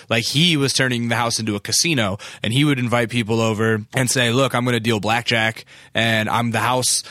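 Bright-voiced joking host, dry mic. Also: male voice, mid-range voice, no room sound. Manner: joking, profane, rambling banter. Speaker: podcast host. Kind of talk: casual podcast chat.

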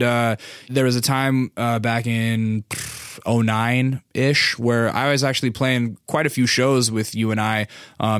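A man in his thirties tells a story on his podcast in a loose, rambling way, swearing freely and packing in fillers. His voice sits at an ordinary middle pitch. The recording is dry and close, with no room sound. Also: smooth, dry recording. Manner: loose, profane, chatty with many fillers. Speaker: podcast host. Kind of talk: casual storytelling monologue.

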